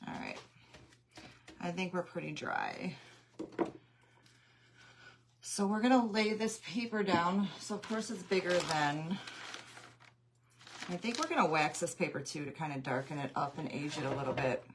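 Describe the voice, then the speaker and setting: A woman with a lowish voice hosts a craft livestream, chatting casually and greeting viewers by name as she paints. Her voice keeps going in and out. Loud machine noise runs underneath the whole recording. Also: measured pace, pauses often.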